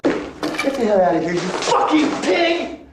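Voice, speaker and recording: An actor playing an unhinged man who believes he is a vampire, shouting in exasperated rants, heard in a film audio clip. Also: mid-range voice, fairly even intonation, normal speed, lightly acted. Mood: ranting. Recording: film audio clip with echo, crowd and noise.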